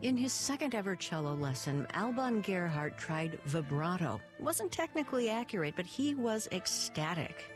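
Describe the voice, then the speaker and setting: A female radio announcer reading a scripted promo in a smooth, animated delivery. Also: on the low side, moderate pace, hardly any pauses. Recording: voice over music.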